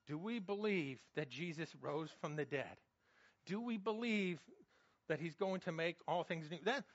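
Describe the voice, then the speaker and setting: Earnest high-voiced male preacher. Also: fairly bright tone, no room sound, dull audio. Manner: earnest, repeats words, rising to emphatic questions. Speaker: pastor. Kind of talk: sermon.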